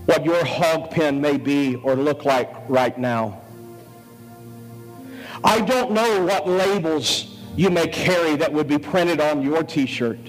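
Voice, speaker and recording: A male pastor delivers a sermon at a slow, deliberate pace, his voice sitting a little high for a man. He pleads earnestly in short, paused phrases. The sound carries a long hall reverb, with soft music underneath. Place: large auditorium.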